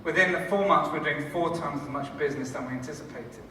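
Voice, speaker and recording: A man's voice: a little high, fast, sharp tone, distant mic, a little hiss or hum. Man, church leader, enthusiastic conference talk, joking, echoey hall, long reverb. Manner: enthusiastic, joking, chatty with the audience. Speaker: church leader and cafe founder. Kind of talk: conference talk to a live audience.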